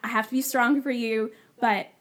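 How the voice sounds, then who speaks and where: A woman, a guest on the show, telling her personal story in a casual, animated way, acting out the dialogue she quotes. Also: on the high side, moderate pace. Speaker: guest sharing her testimony.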